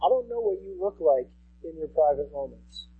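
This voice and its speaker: Husky-voiced pastor preaching casually. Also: male voice, on the high side, expressive, moderate pace, narrow, tinny audio. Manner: conversational preaching, repeats key phrases. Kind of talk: sermon. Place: church sanctuary.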